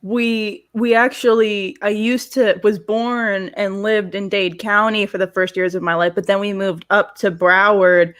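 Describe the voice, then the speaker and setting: A young woman from South Florida in a casual panel discussion, telling lively stories and acting out quoted exchanges. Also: mid-range voice, a little slow, few pauses. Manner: animated storyteller, acts out quoted exchanges.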